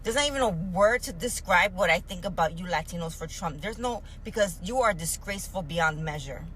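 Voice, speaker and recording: A woman's voice: on the low side, lively intonation, brisk, fairly bright tone, slight background noise, low-quality recording. A woman from Puerto Rico in an angry, heated rant to the camera, cursing constantly.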